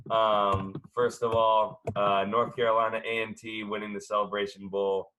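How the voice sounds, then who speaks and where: Co-host: a man with a low, bright voice and halting delivery, chatting casually about sports from home. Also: flat delivery. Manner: halting, many filler sounds. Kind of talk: casual sports podcast chat.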